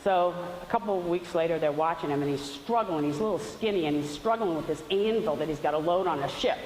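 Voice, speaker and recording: A woman with a fast, low, darkish voice gives a chatty faith testimony, telling stories with loose asides. The recording sounds like a roomy hall with faint hiss.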